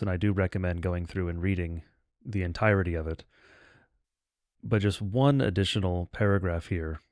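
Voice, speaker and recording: A man's voice: low-pitched, no echo, clean studio sound. A man hosting a podcast, explaining church teaching in a plain-spoken, blunt way. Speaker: podcast host. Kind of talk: spoken commentary on scripture.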